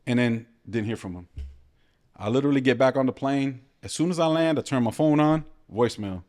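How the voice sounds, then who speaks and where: New guy, talks super fast, hypes up his stories with slang. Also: mid-range voice. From New York City. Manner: animated storyteller, streetwise slang. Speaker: guest. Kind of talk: casual podcast conversation.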